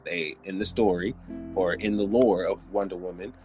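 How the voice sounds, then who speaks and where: A man hosting a podcast, ranting in casual chat in an animated, joking way with loose slang. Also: low-pitched, normal speed, faint music behind. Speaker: podcast host.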